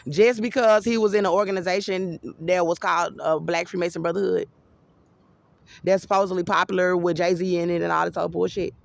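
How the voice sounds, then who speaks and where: A woman's voice: on the low side, steady tone, a little fast, vocal fry, no room sound. A woman giving an agitated, rambling personal monologue to camera, swearing freely. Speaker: vlogger.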